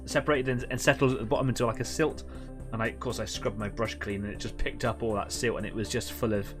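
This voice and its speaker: A man hosting a live painting stream, chatting in a relaxed, rambling way to viewers while he works. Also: fairly low pitch. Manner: chatty, rambling, self-deprecating. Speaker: host of an online painting club stream. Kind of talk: casual live-stream chat.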